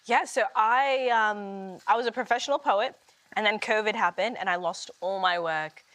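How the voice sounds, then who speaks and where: A woman's voice: medium pitch, moderate pace, dry recording. A woman comedian from Uganda with an Australian accent carrying an American R, chatting and telling stories with lots of laughter while cooking. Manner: animated, laughing storyteller. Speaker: guest comedian. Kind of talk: casual chat while cooking.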